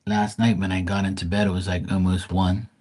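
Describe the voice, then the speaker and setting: Husky low-voiced man chatting on a live stream. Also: flat delivery, brisk, a little mellow. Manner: loose, chatty, mild swearing, addresses viewers by name. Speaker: live-stream tarot reader. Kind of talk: casual live-stream chat with viewers.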